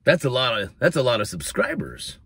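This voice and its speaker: A man from the United States preaching a casual video sermon, animated and building to near-shouts on his emphatic points, mocking the voices he quotes. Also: medium pitch, fairly quick, breathy edge, no room sound.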